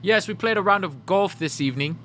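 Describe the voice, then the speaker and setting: A smug, wealthy British gentleman, put on by a man, prim and haughty in a put-on British accent. The voice sits high, bright and clipped. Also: expressive, brisk, a little hiss or hum. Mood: posh.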